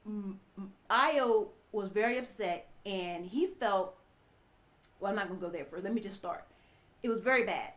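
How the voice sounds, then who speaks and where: A woman in her thirties with a medium-pitched voice shares an earnest personal testimony as an ex-wife telling her story. She addresses her listeners directly and often repeats herself as she recounts what happened.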